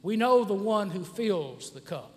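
A man's voice: high voice, sing-song, measured pace. A man in his sixties preaching a sermon as pastor, conversational, with many "uh" fillers and restarts. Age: 60s. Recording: church hall with long reverb.

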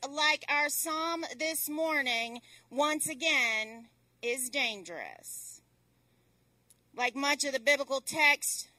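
A woman delivers a sermon in a high, bright voice, slow and deliberate with weighty pauses. The sound is dry, with the mic some distance from her. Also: dry recording. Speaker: preacher.

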